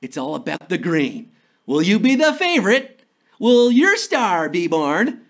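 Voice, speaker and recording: A man's voice: sits high, huge pitch swings, measured pace. A man hosting a live trivia game show, reading questions with playful jokes and theatrical asides. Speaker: quiz show host.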